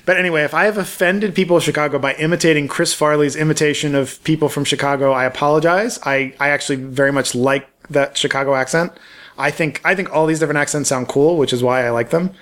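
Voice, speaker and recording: A man's voice: fairly high pitch, steady tone, quick pace, fairly bright tone. A man from the Baltimore area, with a faint Baltimore accent, co-hosting a podcast in casual, joking chat full of stammered restarts. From Baltimore area, United States. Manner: chatty, stammering restarts, jokey. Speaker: podcast co-host.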